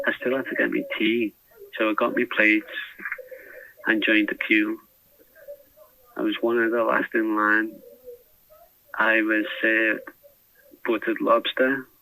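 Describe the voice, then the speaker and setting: A man's voice: on the low side, bright, forceful tone, dry recording. A man telling his diary down a prison phone, rambling and hesitant with restarts. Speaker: podcast diarist. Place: prison cell. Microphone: phone handset. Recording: phone line recording.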